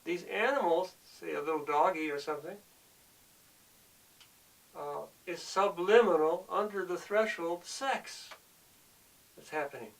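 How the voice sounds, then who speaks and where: A man's voice: high-pitched, measured pace, vocal fry, pauses often, distant mic, poor audio. A man delivering an earnest, preachy monologue, often repeating himself as he presses his point. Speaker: speaker of the show.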